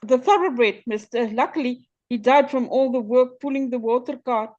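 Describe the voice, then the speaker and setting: Joke character: hesitant, apologetic male caretaker, read by a woman, high and a bit muffled. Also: normal speed, darkish tone, lightly acted. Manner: hesitant, stammering.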